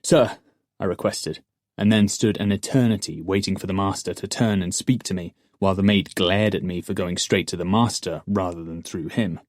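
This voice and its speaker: A man narrating a fantasy audiobook in the first person, in a measured storytelling manner. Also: deep voice, fairly even intonation, no room sound, studio quality.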